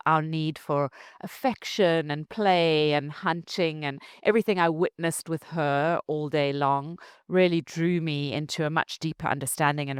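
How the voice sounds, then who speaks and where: A middle-aged woman from Zimbabwe with a Zimbabwean accent, a company founder telling her story in an interview, animated and laughing often. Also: sits low, smooth, no room sound.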